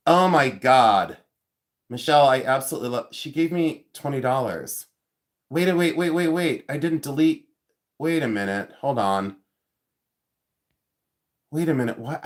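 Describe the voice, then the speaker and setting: A man in his fifties hosting a casual livestream from home, rambling, joking about himself and thanking viewers by name. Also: a little high. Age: 50s. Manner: rambling and self-mocking, reads out viewer comments. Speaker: livestream host.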